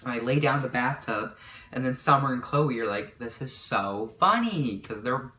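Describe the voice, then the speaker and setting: A woman's voice: rumbling low, fairly even intonation, a little fast, a bit bright, a little hiss or hum. A young woman vlogger telling a rambling storytime, with constant "like" fillers. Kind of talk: storytime vlog. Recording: echoey room.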